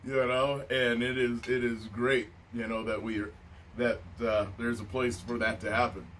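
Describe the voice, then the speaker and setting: A man's voice: mid-range voice, level tone, normal speed, a bit bright. Laid-back musing man, heard from afar. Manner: laid-back and musing, with many filler phrases. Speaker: podcast host. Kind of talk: casual stoner chat. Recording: distant mic with faint noise.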